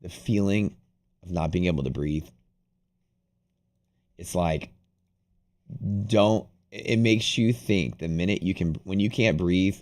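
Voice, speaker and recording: Low-pitched with a darkish tone, this man speaks a little slowly and pauses often. He hosts a live trading stream, chatting casually and profanely, rambling and restarting his sentences frequently.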